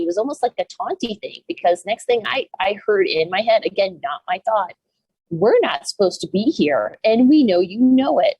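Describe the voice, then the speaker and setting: A Southern American woman, a podcast guest, recounting a personal encounter in an animated way, with many restarts. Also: lowish voice, slightly rough, dry recording, rough recording.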